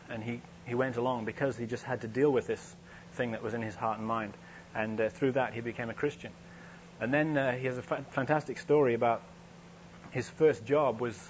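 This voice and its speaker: A man preaching a sermon in a conversational, storytelling way, with frequent restarts. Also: mid-range voice. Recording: dull, slightly noisy lo-fi recording with hum.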